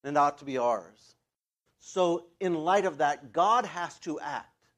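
A male pastor delivers a sermon in an easygoing, conversational way, full of fillers and side remarks. His voice sits a little high, and it climbs and gets louder when he drives a point home. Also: unhurried. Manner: conversational, loose asides and fillers; animated, rises in pitch and volume for emphasis.

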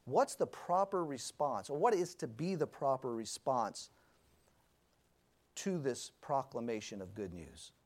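A man's voice: mid-range voice, animated, measured pace. A man teaching an adult Sunday school class in a conversational way, asking the group questions and correcting himself as he goes.

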